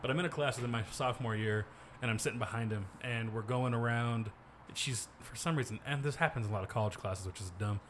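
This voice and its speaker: A man's voice: medium pitch, fast, a bit bright. This is a young man telling stories in a loose, casual chat. He rambles, laughs a lot and swears offhandedly. A faint hiss of noise sits behind his voice. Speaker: podcast co-host.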